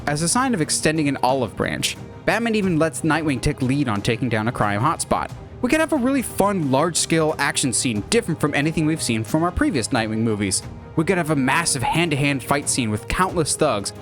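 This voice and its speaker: A man narrating a movie pitch in an enthusiastic, animated way. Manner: animated, lively.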